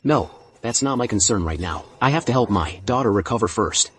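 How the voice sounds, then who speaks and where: An earnest, apologetic single dad. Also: male voice, on the low side, expressive, a little fast, fairly bright tone. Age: 30s. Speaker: single father. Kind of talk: dubbed short drama acting.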